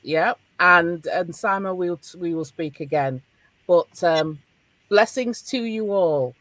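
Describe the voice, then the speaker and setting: A middle-aged woman with a Northern English accent hosting a podcast roundtable over a video call, chatting in a casual, animated way. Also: on the low side, slow, no echo. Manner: animated, laughing, encouraging. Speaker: podcast host.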